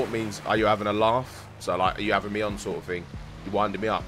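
A man's voice: fairly low pitch, fairly even intonation, fast, noisy background. A young man chatting casually with his live-stream viewers while gaming, joking around and using slang. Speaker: game streamer.

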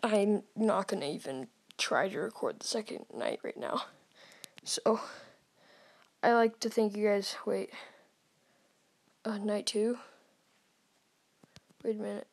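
A woman's voice: medium pitch, slow, pauses often. A young woman playing a horror game, sounding scared and jittery and stammering now and then. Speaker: gamer.

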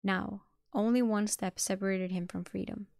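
A woman streamer reading a novel aloud with a dramatic delivery, sometimes breaking into excited reactions. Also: mid-range voice, moderate pace, vocal fry, dry recording, clean studio sound. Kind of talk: live-streamed audiobook reading.

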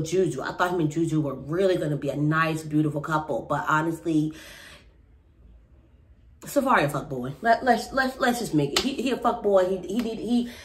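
A young woman casually recapping a reality TV episode in a rambling, chatty way with lots of fillers. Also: fairly low pitch.

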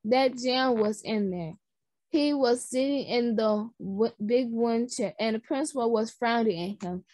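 Woman reading children's book aloud, slow, halting, restarts words, dry sound. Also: a little high, darkish tone, no room sound. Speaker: reader.

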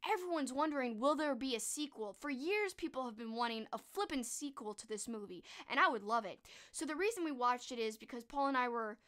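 A woman's voice: high voice, fairly bright tone. Gushing, chatty woman streamer. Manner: chatty, enthusiastic, gushing with restarts. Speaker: streamer and horror book host. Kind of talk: casual live-stream chat.

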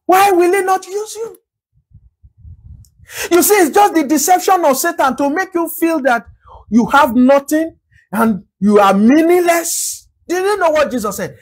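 In a low-quality recording, a pastor with a Nigerian English accent preaches at normal speed in a very high, animated voice. He leans on repetition and emphatic rhetorical questions.

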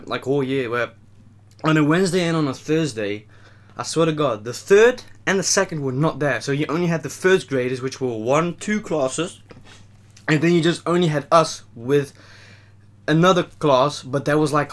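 A young man with a Dutch accent chats loosely through a casual eating video. He rambles, cracks jokes and lets his sentences drop off into a mutter. His voice sits at an ordinary middle pitch. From Netherlands. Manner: rambling, joking, trails off quietly. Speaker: mukbang host. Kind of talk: casual chat while eating.

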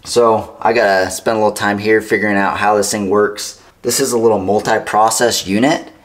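In his home garage, a DIY vlogger works on a project while chatting casually and thinking aloud. His voice is lowish and his speed normal, and his manner stays relaxed and chatty.

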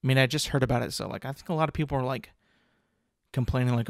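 A man's voice: mid-range voice, fairly even intonation, fast talker, vocal fry, dry recording, clean studio sound. A man hosting a casual solo podcast, rambling with lots of "like" fillers, restarts and casual swearing. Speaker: podcast host.

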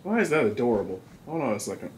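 Medium in pitch but swinging widely, a man's voice moves fast as he narrates a video game playthrough for his gaming channel. He chats, reads what's on screen, and picks out small details. The audio is poor, with slight background noise.

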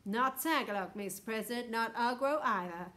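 Woman voicing a nervous male interpreter, polite, fussy, highish. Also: normal speed, a bit bright, lightly acted.

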